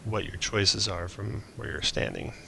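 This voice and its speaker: A man's voice: sits low, a little slow, creaky, noisy background. A man narrating as game master of a tabletop role-playing game, mixing descriptive narration with casual asides.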